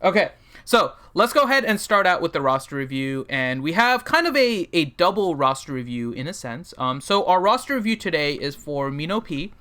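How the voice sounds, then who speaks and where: A man's voice: on the high side, sing-song, moderate pace, pushed and bright. A man hosting a casual gaming livestream, joking and rambling with plenty of fillers as he introduces people and reviews a game roster.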